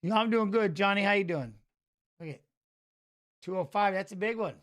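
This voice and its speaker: A man's voice: high-pitched, fairly quick, a bit bright. A man giving casual, rambling commentary on a live fight watch-along, chatting with viewers as he watches. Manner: rambling, talks to chat viewers, emotional.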